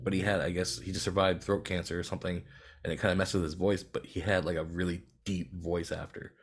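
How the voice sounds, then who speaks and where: A man chatting as a guest on a podcast in a relaxed way, laughing often and swearing casually. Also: sits low, fast. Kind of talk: casual chat.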